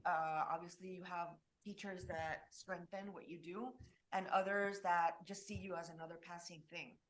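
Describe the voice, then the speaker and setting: A woman's voice: on the low side, steady tone, moderate pace. A woman from Mexico talking casually about her schooling in graphic design, chatty and restarting her sentences often. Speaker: designer and guest. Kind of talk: casual conversation.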